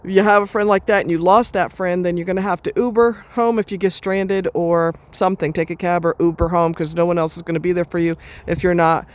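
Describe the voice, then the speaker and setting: A woman's voice: fairly low pitch, steady tone, fairly quick, hardly any pauses. A woman venting in a casual monologue, blunt and profane, rambling with restarts as she rants. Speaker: vlogger.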